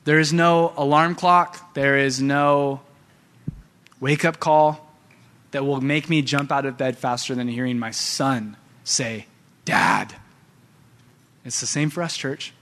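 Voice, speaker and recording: A pastor, a father of young sons, preaching a sermon in an animated way and often addressing the church directly. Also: mid-range voice, a little slow. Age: young adult to middle-aged, father of young sons.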